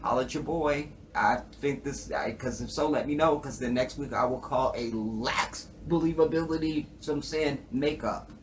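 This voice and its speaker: Brief: man reviewing a TV show, swears often, animated, talks to his viewers, mid-pitched. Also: normal speed, hardly any pauses, slight background noise. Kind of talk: casual commentary.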